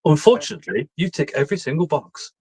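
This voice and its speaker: A man's voice: fairly high pitch, animated, quick pace, a little mellow, breathy edge, poor audio. A man in his forties hosting a casual live stream chat, joking and rambling as he talks.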